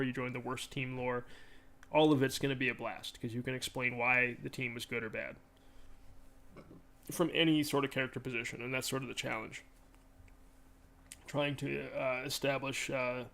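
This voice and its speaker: Rambling man with a gravelly voice. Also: medium pitch, fairly bright tone. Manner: rambling, self-correcting, enthusiastic. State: stuffy, congested. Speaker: game designer presenting his tabletop game. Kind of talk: casual livestream talk.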